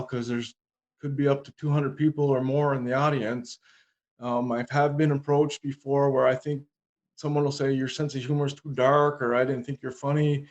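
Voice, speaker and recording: A man's voice: medium pitch, muffled recording. Man telling stories with dry humor. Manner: humorous anecdotes, dry comic timing. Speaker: podcast guest. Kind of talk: casual interview storytelling.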